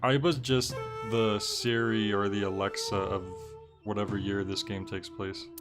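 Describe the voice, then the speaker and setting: A man's voice: lowish voice, flat delivery, a little slow. Joking man streaming a game. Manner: joking, offhand remarks. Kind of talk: casual gameplay commentary. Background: game music.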